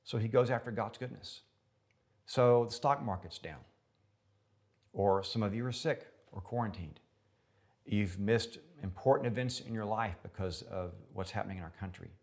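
A man's voice: fairly low pitch, normal speed, darkish tone. A male pastor preaching a sermon in an emphatic style, repeating words for effect.

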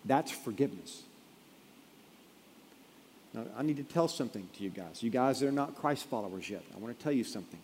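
A man preaching a sermon, telling a story and then pressing the point, rising to emphatic peaks and dropping quiet. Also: mid-range voice, animated, brisk, pauses often, a little hiss or hum. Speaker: pastor. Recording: long reverb of a large hall.

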